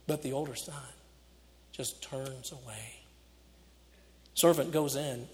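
A man preaching a storytelling sermon, swinging from loud to hushed and laughing off his own slips. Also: a little high. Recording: echoey hall.

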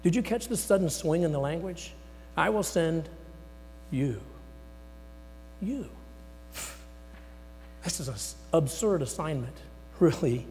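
A man preaching a sermon, dramatically voicing the words of God and Moses, swinging between loud emphasis and near-whispers. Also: on the high side, expressive, slow, pauses often. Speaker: pastor. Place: church sanctuary. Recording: long hall reverb with mains hum.

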